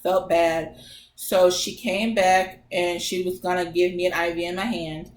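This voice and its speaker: A woman in her twenties telling her own story as a vlogger in a chatty, animated way, acting out what others said. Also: lowish voice, unhurried. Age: 20s. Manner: chatty, animated retelling that acts out others' lines. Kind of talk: casual personal storytelling. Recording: roomy echo, faint background noise.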